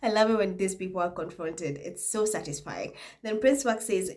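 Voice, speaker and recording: A woman's voice: mid-range voice, normal speed. Gossipy woman vlogger with a cold. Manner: gossipy, laughs often, mocking asides. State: has a cold, coughing. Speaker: channel host reading viewer comments. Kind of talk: casual vlog chat.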